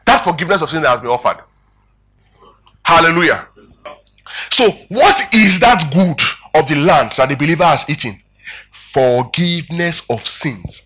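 Preacher guy, high bright voice, kinda husky, keeps asking the crowd questions. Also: normal speed, long pauses. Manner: calls out questions to the congregation; emphatic, animated preaching with rising and falling volume. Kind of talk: sermon.

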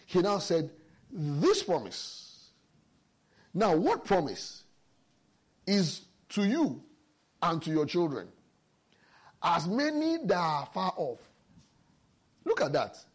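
A man with a high-pitched, slightly rough voice preaches a sermon at a slow pace with long pauses. His Bible exposition is lively and emphatic, explaining scripture with emphasis and weaving in personal stories.

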